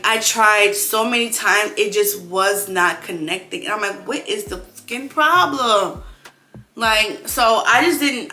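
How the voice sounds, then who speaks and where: A young woman with a bright, forceful voice tells a casual vlog story about her small business, animated and quick to curse as she replays her own frustrations. The room rings with echo, and faint music sits underneath her. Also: medium pitch. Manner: animated, swears freely, acts out her own frustrated thoughts. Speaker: clothing brand owner vlogging.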